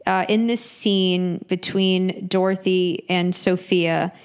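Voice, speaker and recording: A woman's voice: lowish voice, steady tone, slow, clean tone. A woman co-hosting a podcast, casually recapping a TV episode and acting out the characters' lines as she goes. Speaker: podcast co-host. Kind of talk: casual chat.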